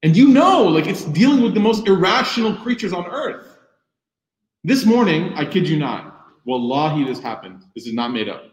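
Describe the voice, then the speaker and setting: A young man giving a sermon, telling personal stories lively and acting out the voices in quotes. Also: on the high side, normal speed. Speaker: Muslim speaker giving a talk. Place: room with audience. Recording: echoey room.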